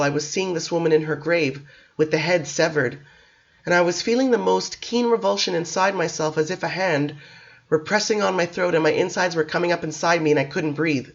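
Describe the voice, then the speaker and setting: A man reading a novel aloud in a measured, dramatic storytelling manner. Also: high-pitched, a bit bright, dull audio. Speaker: reader.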